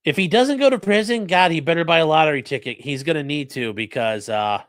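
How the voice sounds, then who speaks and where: A man's voice: a little high, a little fast, a bit bright, no room sound, clean studio sound. A man hosting a casual livestream, talking bluntly with profane, mocking asides. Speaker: livestream host and lawyer.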